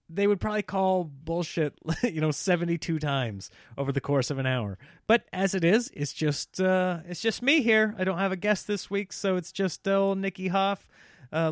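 A man hosting a solo podcast, rambling and joking in an animated comic monologue. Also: a little high, no echo, clean studio sound. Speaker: podcast host.

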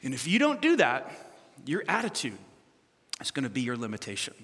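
A man's voice: mid-range voice, huge pitch swings, fairly quick, fairly bright tone, slightly rough. A male pastor giving a sermon in a conversational, playful way, with asides and self-corrections. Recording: long reverb of a large hall.

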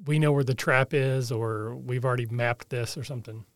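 A man's voice: medium pitch, fairly even intonation, normal speed, no echo, clean studio sound. A man playing in a tabletop game, casual and joking, who asks questions about the rules. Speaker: player.

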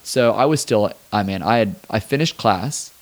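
A young adult man, a drummer and hairstylist, telling stories in a relaxed, rambling interview chat. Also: on the low side, normal speed. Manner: relaxed, rambling, peppered with "like" and swearing. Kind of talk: casual interview storytelling.

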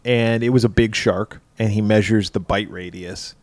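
A man's voice: on the low side, steady tone, moderate pace, no room sound. A man co-hosting a podcast, animatedly retelling movie scenes in casual chat, acting out lines and laughing often. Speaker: podcast co-host.

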